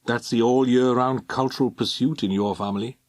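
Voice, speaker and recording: A man reading aloud, voicing a sharp-tongued Welsh teenage boy who talks in a teasing, sardonic way. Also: medium pitch, steady tone, a little fast, no room sound, lightly acted. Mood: mocking.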